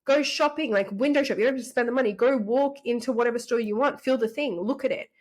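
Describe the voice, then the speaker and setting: A woman's voice: on the high side, quick pace. A woman, a podcast guest talking casually and enthusiastically, often repeating rhetorical questions.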